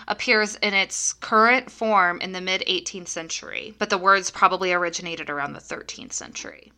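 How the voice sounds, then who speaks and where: A woman's voice: fairly low pitch, normal speed, sharp tone. A young woman co-hosting a podcast, chatting casually with lots of fillers and laughs. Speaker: podcast co-host. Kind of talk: casual chat.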